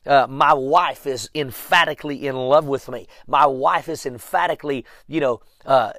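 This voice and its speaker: A man's voice: fairly high pitch, fairly bright tone, no echo, studio quality. A man preaching a sermon, talking emphatically, repeating phrases over and over as he builds up.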